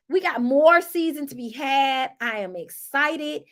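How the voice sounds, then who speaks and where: A high-voiced woman recaps reality TV episodes in a casual vlog. She is sassy and animated, and she keeps turning to her viewers with a "honey" or "baby girl". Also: measured pace, few pauses.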